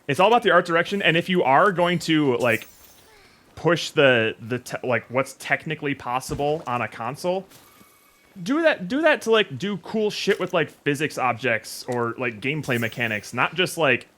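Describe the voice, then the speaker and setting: A man's voice: fairly high pitch, very animated, normal speed, a bit bright. A man streaming a game and chatting casually, opinionated and rambling with lots of fillers. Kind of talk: casual gaming chat.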